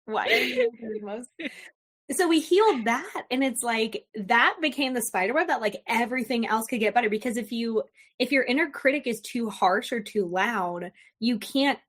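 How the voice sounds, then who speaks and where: A woman's voice: a little high, moderate pace, fairly bright tone. A woman guest, a confidence coach, talking animatedly in a casual podcast interview, playful and full of giggles and "like".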